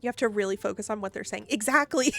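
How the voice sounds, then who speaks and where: Midwestern lady streamer with a bit of southern, chatty and giggly, reads chat out loud, mid-height voice, little music under it. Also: medium pitch, fast talker, gravelly. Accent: Midwestern American with a touch of Southern. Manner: chatty, giggly, thinking aloud. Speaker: live streamer. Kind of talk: casual live-stream chat, reading viewer comments.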